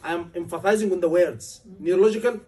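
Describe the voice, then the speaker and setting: Guy teaching med exam stuff, husky high voice, mic kinda far off. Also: quick pace, a little mellow. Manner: repetitive, emphatic, drills key words. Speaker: medical exam tutor. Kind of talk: classroom lecture.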